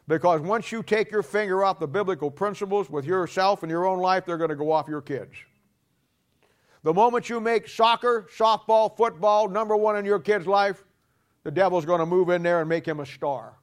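A man preaching a sermon emphatically, voice dropping low and soft at the ends of points. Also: normal speed. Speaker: pastor.

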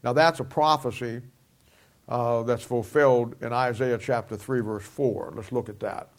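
Man, middle-aged, preacher, Bible teaching sermon, emphatic, repeats points, mid-pitched. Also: steady tone, unhurried. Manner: emphatic, repeats key phrases.

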